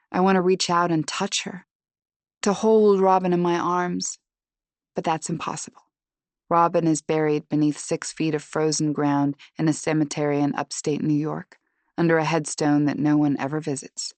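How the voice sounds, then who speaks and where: A woman narrating a suspense audiobook in the first person, measured and tense. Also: sits low, a little mellow, no echo.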